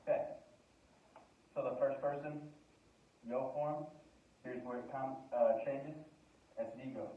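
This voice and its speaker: A man's voice: medium pitch, steady tone, slow, long pauses. A man talking a class through Spanish verbs, loose and jokey, switching between English and Spanish. He's heard from far off in a roomy, echoing space, and the sound is thin and tinny like a phone line. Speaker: Spanish teacher. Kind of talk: recorded classroom lesson.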